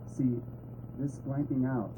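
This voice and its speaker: A man's voice: mid-range voice, fairly even intonation, slow pace, noisy background. A man giving a talk to an audience in a conversational way with playful asides. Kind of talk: presentation to an audience.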